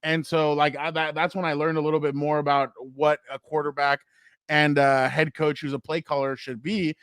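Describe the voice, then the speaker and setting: A man with a fairly high voice holds forth on football as a podcast co-host, winding through anecdotes with plenty of fillers. He talks in a loose, conversational way. The sound is dry and close to the mic. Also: level tone, moderate pace, a bit bright, clear, resonant tone, no echo. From San Diego area. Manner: storytelling, rambling, with fillers and asides. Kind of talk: casual sports chat.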